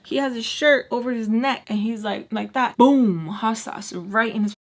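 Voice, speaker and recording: A woman in her twenties telling a story on her vlog in a lively, casual way, full of "like" and swearing. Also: on the high side, moderate pace. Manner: animated, filler-heavy, swearing. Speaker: vlogger.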